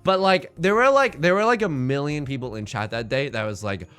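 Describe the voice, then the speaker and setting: A man streaming a mahjong game, chatting casually with his chat in a jokey, animated way with mock-heated rants. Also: medium pitch, a little fast, hardly any pauses, smooth, soft background music. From born outside the United States. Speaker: Twitch streamer playing mahjong.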